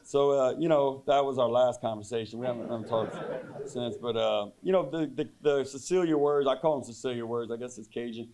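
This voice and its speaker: A man, a high school football head coach, giving a deadpan joking banquet speech full of rambling fillers. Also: a little fast, noisy background.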